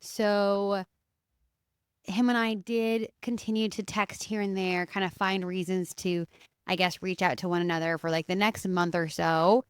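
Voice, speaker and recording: Candid woman podcast host, smooth voice. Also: mid-range voice, a little slow, no echo. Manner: candid, animated, swears freely, acts out quoted dialogue. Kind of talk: casual confessional storytelling.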